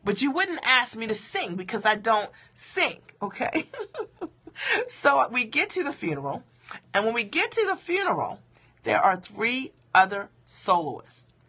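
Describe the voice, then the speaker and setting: A woman with a bright, forceful voice pitched slightly high tells a humorous personal story to an audience of mothers. She talks in an animated way, laughs at herself, and keeps checking in with her listeners. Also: a little slow, breathy edge. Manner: laughs at herself while telling. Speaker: motivational speaker for moms.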